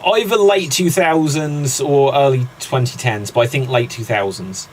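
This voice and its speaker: A man's voice: medium pitch, normal speed, a little mellow, slight background noise, low-quality recording. Upbeat teasing quiz-show host man. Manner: upbeat, teasing, laughs often. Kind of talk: live game show hosting.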